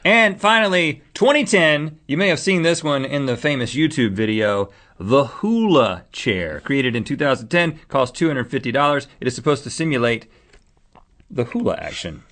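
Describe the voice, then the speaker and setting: A man's voice: on the high side, fairly quick, hardly any pauses, fairly bright tone. A man co-hosting a comedy talk show, playful and joking as he presents. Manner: playful, mock auctioneer bits. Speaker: co-host. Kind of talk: casual comedic chat.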